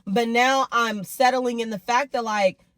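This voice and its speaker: A woman vlogging casually to camera about her week, her voice hoarse and nearly gone, with expressive bursts of excitement. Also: on the high side, unhurried, no echo. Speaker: fitness and faith vlogger. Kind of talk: casual vlog chat to camera.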